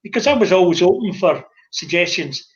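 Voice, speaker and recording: An older Scottish man, a former publican, telling lively stories in casual chat and acting out the dialogue. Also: high voice, fairly quick, highs cut off. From Scotland. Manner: animated anecdotal storyteller, acts out dialogue.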